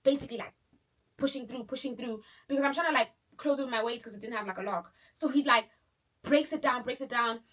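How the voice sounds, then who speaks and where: A young woman, telling a dramatic personal story in a casual, animated way full of fillers. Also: on the high side, fast. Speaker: vlogger.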